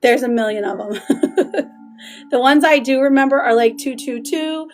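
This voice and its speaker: A woman with a hoarse, laryngitis-worn voice, chatting casually with viewers as she hosts a live tarot reading. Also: high-pitched, normal speed, music in the background. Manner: chatty, greets viewers by name, laughs often. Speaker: tarot reader hosting a livestream. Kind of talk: casual livestream chat.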